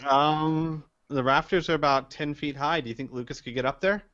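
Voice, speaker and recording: A man's voice: a little high, fairly even intonation, normal speed, fairly bright tone. A man running a tabletop role-playing game as game master. He hesitates and restarts as he explains rules. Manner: hesitant, lots of ums and restarts while ruling. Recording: dull lo-fi mic.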